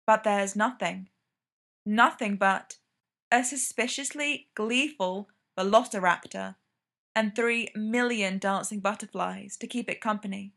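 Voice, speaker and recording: A woman reading fiction aloud with steady, expressive narration. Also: medium pitch, gravelly. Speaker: reader.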